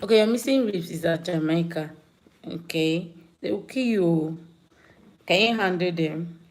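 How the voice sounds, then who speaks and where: A woman's voice: fairly low pitch, unhurried. A woman hosting a casual livestream, chatting with viewers and greeting them by name. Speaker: livestream host.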